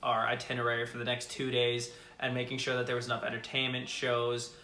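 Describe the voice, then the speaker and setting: A man's voice: mid-range voice, completely flat delivery, a little fast, bright, forceful tone, reverberant, slight background noise. A young man co-hosting a vlog and telling a story casually to camera, upbeat and laughing often. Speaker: vlog co-host.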